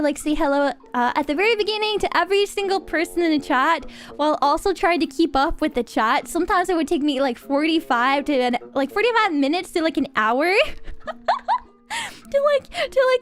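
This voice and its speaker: A young woman streaming, chatting casually and greeting viewers in a bubbly, giggly, rambling way. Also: very high-pitched. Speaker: VTuber streamer. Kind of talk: casual livestream chat.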